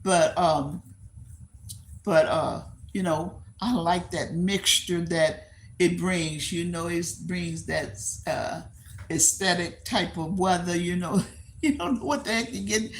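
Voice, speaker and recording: Her voice is fairly low, she takes things slowly, and there's a little hiss or hum. She's an older Texan woman with a Texan accent running a casual livestream chat. She wanders, repeats herself, laughs easily and responds to comments aloud.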